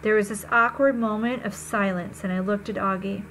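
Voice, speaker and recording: A woman reading a first-person novel aloud, conversational and expressive, with small slips. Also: medium pitch, moderate pace, slight background noise, rough recording. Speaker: reader.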